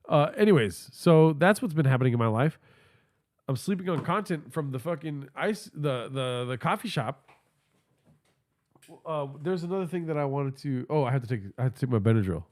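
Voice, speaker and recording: A man's voice: fairly high pitch, a little mellow. A man hosting a podcast livestream, telling stories in a casual, profane and rambling way, talking into a phone held in his hand, with a stuffy nose. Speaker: podcast host.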